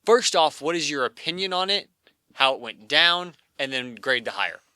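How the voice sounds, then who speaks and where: A man co-hosting a casual sports podcast, opinionated and rapid, full of fillers and restarts. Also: fairly high pitch, lively intonation, bright, forceful tone, clear, resonant tone, dry recording, studio quality. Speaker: podcast co-host.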